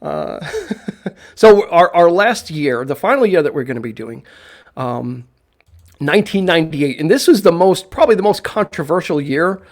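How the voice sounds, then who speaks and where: A man's voice: a little high, animated, moderate pace. A man co-hosting a live-streamed film podcast, chatting casually in a rambling way with many restarts and playful jokes. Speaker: podcast co-host. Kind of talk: casual live-stream chat about films.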